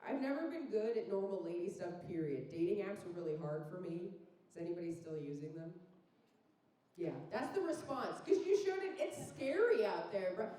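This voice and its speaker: A woman's voice: fairly low pitch, big pitch swings, normal speed, dark tone. A woman in her thirties from Phoenix doing a chatty, self-mocking stand-up set, riffing with the crowd on a club stage. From Phoenix, Arizona. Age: 30s. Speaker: stand-up comedian. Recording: roomy club sound from a distant mic.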